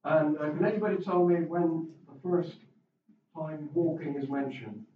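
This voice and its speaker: A man's voice: fairly high pitch, normal speed, phone-quality sound, slight background noise. Male preacher in an echoey, distant room. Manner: chatty, asks the congregation questions, light asides. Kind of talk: conversational sermon.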